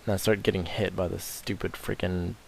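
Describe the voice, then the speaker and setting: A man's voice: sits low, level tone, fairly quick, creaky, a little hiss or hum. A man giving rambling, crude, joking commentary over his video game playthrough. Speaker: gameplay commentator. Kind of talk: casual let's-play commentary.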